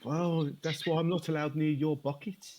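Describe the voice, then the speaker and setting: An actor playing a rough, chummy con man who talks bluntly and schemes for money. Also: a little high, little pitch movement, normal speed, darkish tone, highs cut off, natural voice. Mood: scheming.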